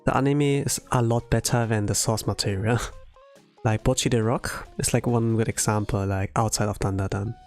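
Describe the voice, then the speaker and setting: Guy on an art stream chatting while he draws, lots of like and um, lowish voice, faint music behind. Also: steady tone, moderate pace, darkish tone. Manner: rambling, heavy use of "like" and "um". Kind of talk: casual chat while drawing on a livestream.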